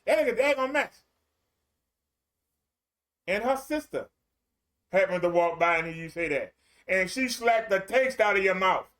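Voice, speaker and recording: A man's voice: sits high, lively intonation, moderate pace, fairly bright tone. A man preaching a streamed sermon in a colloquial, repetitive storytelling way.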